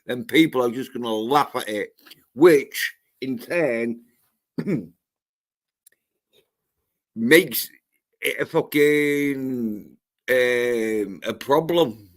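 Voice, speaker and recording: Guy ranting on his livestream, swears a lot, slow, keeps restarting. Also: mid-range voice. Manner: profane, ranting, halting with restarts. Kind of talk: solo livestream rant.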